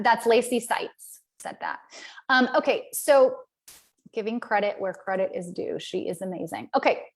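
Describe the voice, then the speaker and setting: Chatty woman coach from the South. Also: medium pitch. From American South. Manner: chatty and candid, peppered with "right?" and "um". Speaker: business coach. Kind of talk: casual live-stream coaching talk.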